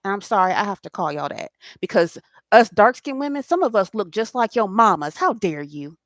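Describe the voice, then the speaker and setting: A woman in her 40s hosts a late-night spiritual talk, preaching with passion and swearing freely. Her medium-pitched voice swings widely in pitch and runs a little fast, with clean, echo-free studio sound.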